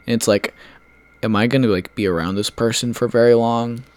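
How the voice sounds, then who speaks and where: A young man co-hosting a casual podcast chat, laid-back with slow, dry deadpan remarks. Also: mid-range voice, clear, resonant tone, no echo. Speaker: podcast co-host.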